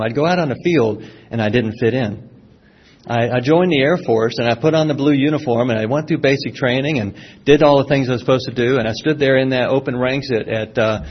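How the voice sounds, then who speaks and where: A middle-aged man from Florida with a Southern accent, giving a personal testimony talk to a live audience in a folksy, self-deprecating way. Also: medium pitch. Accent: Southern American. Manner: folksy storytelling with self-deprecating humor, frequent restarts. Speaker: speaker sharing a recovery testimony. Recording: dull lo-fi sound.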